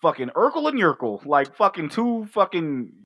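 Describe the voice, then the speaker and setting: Animated profane man. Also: a little high, normal speed, dry recording, lo-fi sound. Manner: profane, animated, laughing, acts out scenes. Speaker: podcast co-host. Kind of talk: casual movie review chat.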